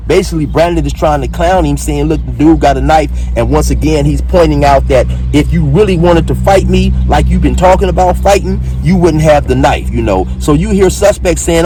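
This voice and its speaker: A man's voice: on the high side, a little fast, mellow, faint music behind. A man hosting his own channel, recapping and mocking a clip in blunt, profane casual commentary.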